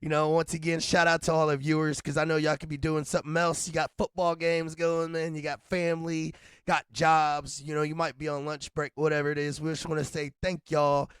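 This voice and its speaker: Raspy guy hosting a podcast, kinda high for a man, dry close sound, rambles and laughs a lot. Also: flat delivery, fairly quick, no room sound. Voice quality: raspy, deep. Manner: loose, laughing, rambling with shout-outs. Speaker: podcast co-host. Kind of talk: casual podcast chat.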